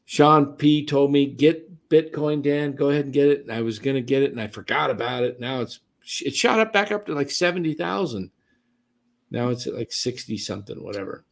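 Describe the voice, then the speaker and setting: Rambling man with a lively voice. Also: mid-range voice, brisk, gravelly. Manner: rambling, hesitant, then jokey. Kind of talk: casual sports-show chat.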